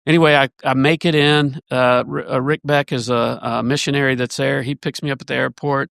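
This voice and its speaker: A man with a gravelly, mid-range voice tells a winding story, restarting his sentences as he goes. He speaks casually and with animation as a church elder guesting on a podcast. The sound is dry and close. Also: medium pitch, level tone, brisk, a bit bright, dry recording.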